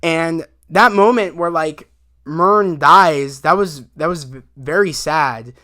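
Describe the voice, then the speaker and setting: Man, casual show recap, rambling and animated, bright forceful voice, slightly high pitch. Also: slow pace. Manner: rambling, animated retelling with many fillers and acted quotes. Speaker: video reviewer. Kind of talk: casual spoken episode recap.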